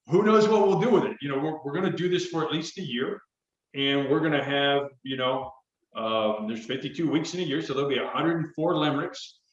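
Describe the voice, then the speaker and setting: A middle-aged man hosting a podcast, chatting in a rambling, jokey way. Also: a little high. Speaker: podcast host. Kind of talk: casual chat. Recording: echoey, distant, dull audio.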